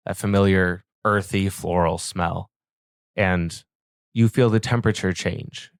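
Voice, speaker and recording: A man narrating a tabletop game as game master with slow, descriptive scene-setting. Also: low-pitched, dry recording, studio quality.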